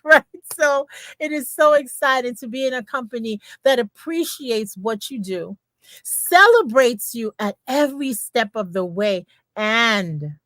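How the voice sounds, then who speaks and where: An older woman, a grandmother and beauty consultant, chatting on a livestream in an animated, emphatic storytelling manner. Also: high voice, dry recording. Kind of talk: livestream testimonial chat.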